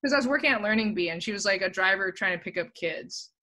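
A woman guest chatting casually on a podcast, full of "like" fillers and quick to laugh. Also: medium pitch, expressive, bright, forceful tone.

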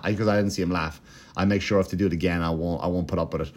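A man's voice: low voice, level tone, very fast, darkish tone. A man hosting a podcast, telling a story in a rambling, profane, casual comedic way, with mocking impressions. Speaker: podcast host.

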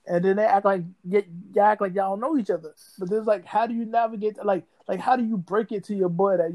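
A man's voice: high-pitched, steady tone, fairly quick, mellow. A man co-hosting a podcast in casual chat, rambling and repeating words, full of slang. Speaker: podcast co-host.

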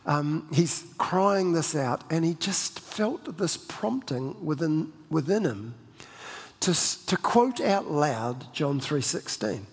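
A man's voice: fairly high pitch, expressive, takes it slowly, slightly rough. A man preaching a sermon in a conversational, storytelling way, with frequent restarts and self-deprecating humor. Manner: many restarts and repeated words. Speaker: pastor. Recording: long reverb of a church hall.

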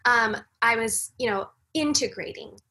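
A woman guest on a casual podcast chat, telling a personal story in an animated way and acting out the lines of others. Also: on the high side, measured pace, slightly rough. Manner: animated storyteller, acts out quoted dialogue. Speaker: podcast guest, breathwork facilitator.

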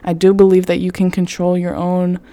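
A woman's voice: on the low side, monotone, moderate pace, mellow, no echo. A young woman hosting a casual self-help podcast, talking candidly, swearing freely and peppering her speech with "like". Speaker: podcast host.

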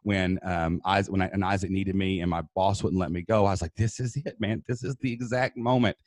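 Low-voiced man in his thirties, earnest storyteller on a podcast mic, dry close sound. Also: steady tone, fairly quick, darkish tone, dry recording. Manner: earnest, builds intensity while retelling. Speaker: podcast guest. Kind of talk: emotional personal storytelling.

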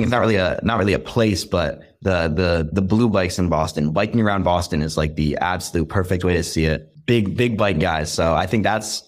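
A young man from Western Massachusetts, a guest in a casual interview, talking in a relaxed, rambling way with many repeats and fillers. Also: sits low. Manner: relaxed, rambling, repeats words and says "like" often.

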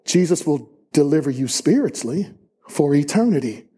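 Man, pastor, sermon, emphatic, high voice, warm tone. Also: sing-song, normal speed, breathy edge. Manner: emphatic preaching, rising to high exclamations. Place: church sanctuary.

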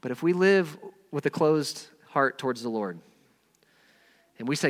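A man preaching a sermon, earnest and emphatic, rising to loud stresses and dropping low and quiet. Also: expressive, a little slow, pauses often, in a large hall. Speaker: pastor.

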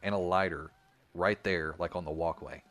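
A man's voice: low voice, fairly even intonation, moderate pace, fairly bright tone, no room sound. A man in his thirties chatting casually as a podcast co-host, rambling through stories and patiently explaining things. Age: 30s. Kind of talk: casual chat.

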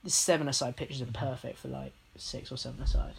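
A man's voice: mid-range voice, steady tone, vocal fry, husky. A man hosting a casual chat, talking loosely and swearing now and then. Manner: chatty, swears casually, quick reactions. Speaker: podcast host.

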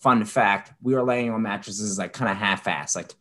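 A man co-hosting a podcast, telling a story with lively asides and mocking impressions of people. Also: moderate pace. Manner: animated storyteller, mimics people in high voices. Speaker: podcast co-host. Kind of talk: casual chat.

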